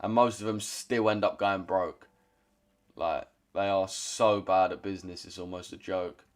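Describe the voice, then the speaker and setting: A young man with a London accent talks casually to his livestream chat, blunt and full of slang. His voice sits a little low, and he swears freely as he answers viewers. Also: steady tone, a little slow. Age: 20s. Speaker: trading streamer.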